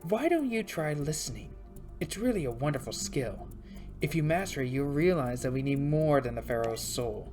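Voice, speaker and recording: A woman's voice: deep voice, sing-song, normal speed, dark tone, faint music behind. A woman playing a grand, ancient villain mastermind. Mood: menacing.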